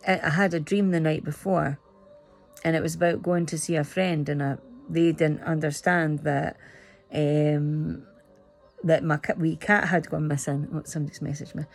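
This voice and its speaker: A woman's voice: low voice, steady tone, normal speed, creaky, soft background music. A middle-aged Scottish woman chatting casually and emotionally, rambling through a personal story. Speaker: spiritual vlogger. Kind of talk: casual chat.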